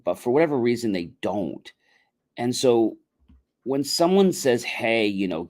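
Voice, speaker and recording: A man's voice: medium pitch, a little mellow. A middle-aged man hosting a motivational livestream, talking casually and acting out both sides of imagined phone calls. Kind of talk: casual spoken advice monologue.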